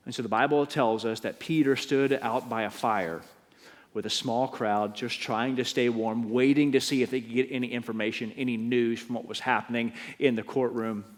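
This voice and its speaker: A man preaching a sermon as pastor, telling the story with animated, acted-out delivery. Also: mid-range voice, normal speed. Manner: animated storytelling, acting out scenes. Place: church. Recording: long church reverb.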